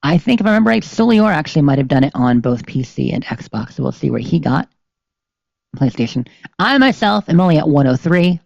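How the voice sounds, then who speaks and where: A podcast co-host chatting casually from a home streaming setup, rambling with lots of ums and quick laughs. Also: medium pitch, very animated, creaky, darkish tone, no room sound. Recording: slightly dull sound.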